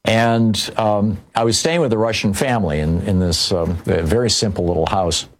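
Older male commentator, lowish voice, rambling talk, lots of restarts and ums. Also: moderate pace. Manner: rambling with frequent restarts and fillers. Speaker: political commentator. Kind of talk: personal storytelling commentary.

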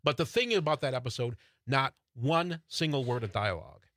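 Bright-voiced male movie buff, dry sound. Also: mid-range voice, lively intonation, no echo. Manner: enthusiastic storyteller, halting restarts. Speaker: radio show guest, movie buff. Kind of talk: casual radio chat.

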